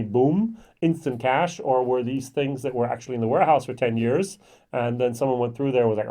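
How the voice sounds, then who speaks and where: A man's voice: medium pitch, brisk, warm tone. A middle-aged man giving a casual whisky tasting review to camera, chatty and thinking aloud with lots of ums and self-corrections.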